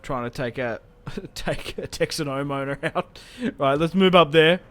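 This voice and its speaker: A man's voice: fairly high pitch, unhurried, fairly bright tone. Chatty man narrating strategy gameplay. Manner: chatty, joking, self-interrupting. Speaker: gaming channel host. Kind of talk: casual gameplay commentary.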